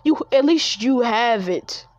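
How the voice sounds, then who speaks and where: A woman voicing a bitter, vengeful young male ninja who shouts in a raised, strained voice. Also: on the low side, little pitch movement, unhurried, no echo, close to an everyday voice. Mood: furious. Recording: dull lo-fi recording.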